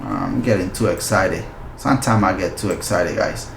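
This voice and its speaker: A male forex channel host giving live market analysis, excitable and slipping into loud hype and exclamations, with non-native English phrasing. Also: low-pitched, normal speed, vocal fry, reverberant.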